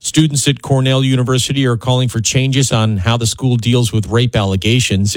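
Brief: low-pitched male newscaster, formal read, dry booth. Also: a little mellow, no echo, poor audio. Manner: measured, formal. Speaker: radio newscaster. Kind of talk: news reading.

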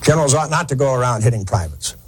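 Raspy folksy man telling history. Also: mid-range voice, expressive. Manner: folksy, conversational, drawn-out emphasis. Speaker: historian lecturing. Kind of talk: storytelling lecture.

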